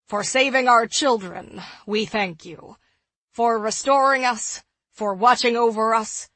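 A woman reader puts on a devout older matron for an audiobook, speaking slowly and loudly with a husky, unhurried voice. She sounds firm and sure of herself, the recording dry and close. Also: fairly high pitch, dry recording. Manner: solemn prayerful delivery, loud and slow. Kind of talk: audiobook character reading.

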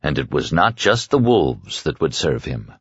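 A man reading a novel as audiobook narration in a measured storytelling manner. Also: very deep voice, big pitch swings, slightly rough, dry recording, lo-fi sound. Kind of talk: scripted narration.

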